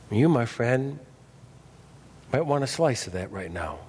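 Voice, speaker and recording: A man preaching a sermon as pastor, folksy and animated, dropping from loud emphasis to hushed intensity. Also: medium pitch, measured pace, long pauses, slightly rough, big-room sound. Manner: folksy, humorous asides.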